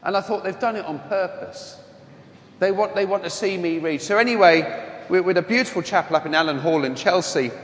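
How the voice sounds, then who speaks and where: A man's voice: sits high, brisk, a bit bright. A man with a mild London accent, a Catholic priest giving a homily full of humorous, self-deprecating stories from his own life. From London, England. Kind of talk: homily with personal storytelling. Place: church. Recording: echoey church with long reverb.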